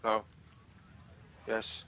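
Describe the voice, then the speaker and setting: A man casually commentating a golf video game, joking and cursing back at the game's commentators. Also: very slow. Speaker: gaming streamer. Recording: game crowd and noise behind. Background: golf game crowd ambience.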